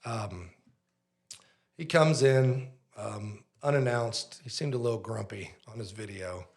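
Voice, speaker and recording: Restaurant owner guy on a podcast telling a wild story, bit of vocal fry, acts out the dialogue. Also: lowish voice, takes it slowly. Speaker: pizzeria owner, podcast guest.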